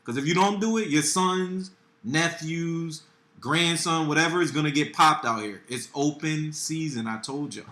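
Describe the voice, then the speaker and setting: A man co-hosting a podcast in casual chat, talking in an emphatic, slangy, animated way. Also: a little high, moderate pace. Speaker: podcast co-host. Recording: roomy echo.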